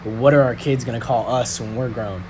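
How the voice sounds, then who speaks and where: A woman playing Marvin, a male oddball who muses aloud over silly shower thoughts in a deadpan, questioning way. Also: very deep voice, a little fast, noisy background, voice pushed down. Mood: pondering. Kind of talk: comedy skit.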